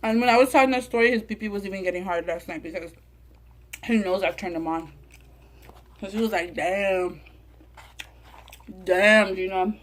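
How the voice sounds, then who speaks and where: A woman's voice: medium pitch, fast, pauses often. A young woman, telling a profane story to camera and acting out the quoted voices. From Southern California. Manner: profane, animated, acts out quotes. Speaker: mukbang vlogger.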